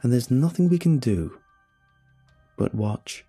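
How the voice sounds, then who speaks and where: A man's voice: medium pitch, expressive, slow, warm tone, husky. A man narrating a horror story in a dramatic, tense first-person telling. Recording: faint music behind.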